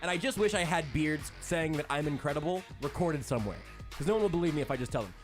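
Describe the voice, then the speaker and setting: Fast-talking, high-voiced sports radio man. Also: animated, soft background music. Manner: quick, self-mocking, playfully boastful. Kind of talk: sports update read, then casual studio banter. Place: radio studio. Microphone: studio microphone and headset.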